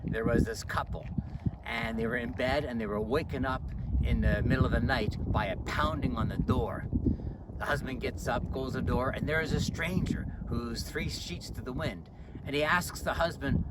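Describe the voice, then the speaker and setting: A man giving a gentle, earnest sermon-style reflection as a pastor, then telling a joke. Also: medium pitch, moderate pace. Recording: distant mic with street traffic.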